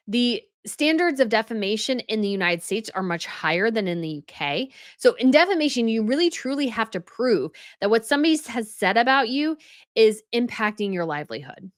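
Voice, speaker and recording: A woman's voice: on the high side, fairly bright tone, no echo, studio quality. A woman giving casual news commentary as a channel host, chatty and full of fillers.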